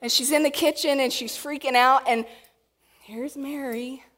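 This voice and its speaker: Woman preacher, sermon, animated delivery, slightly high voice, echoing church hall. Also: unhurried. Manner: animated, acts out quotes. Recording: long reverb of a hall.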